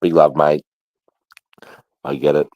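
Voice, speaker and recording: A man's voice: extremely low pitch, level tone, takes it slowly, dry recording, dull audio. A man hosting a live stream, chatting casually, greeting viewers and swearing freely. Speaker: livestream host.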